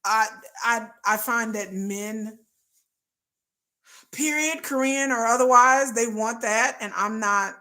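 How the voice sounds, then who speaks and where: A woman's voice: a little high, slow, sharp tone. A woman hosting a casual livestream, talking candidly and bluntly and laughing often. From United States. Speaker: livestream host.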